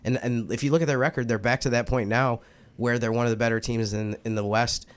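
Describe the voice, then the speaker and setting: A man's voice: medium pitch, steady tone, quick pace, clean tone. A man hosting a sports podcast in casual chat, earnest and emphatic. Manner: earnest, emphatic, with many restarts. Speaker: podcast host.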